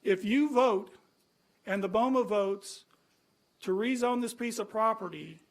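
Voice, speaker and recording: High-voiced man arguing at a public hearing. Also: measured pace. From California. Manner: earnest, argumentative, with many restarts and rhetorical questions. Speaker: citizen speaking at a planning commission. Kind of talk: public comment with slides.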